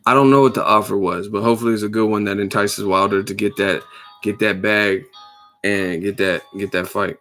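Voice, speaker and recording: A man's voice: fairly even intonation, a little fast, fairly bright tone, faint music behind. A man hosting a live boxing chat, casual and profane, full of slang and laughs. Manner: profane, laughing, slangy, puts on a deep announcer voice as a joke.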